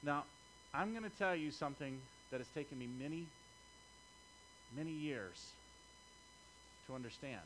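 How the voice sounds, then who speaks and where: A man's voice: fairly high pitch, lively intonation, moderate pace, long pauses, fairly bright tone, slight background noise, low-quality recording. A middle-aged male pastor preaching a sermon in a conversational way, often checking in with his listeners.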